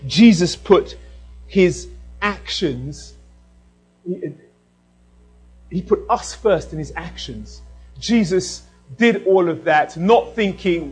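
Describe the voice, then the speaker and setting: A man preaching a sermon in an animated way, swinging from loud emphasis down to a quiet hush. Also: fairly high pitch, slow, pauses often, slightly rough, soft background music, low-quality recording.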